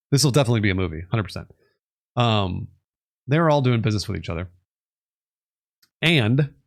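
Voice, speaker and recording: A man talks to his live-stream audience in a loose, rambling way, breaking off to read passages aloud. His voice moves up and down a lot. He restarts sentences and throws in a curse now and then. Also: medium pitch. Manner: rambling, reads articles aloud, restarts and fillers, occasional swearing. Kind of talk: casual live-stream commentary.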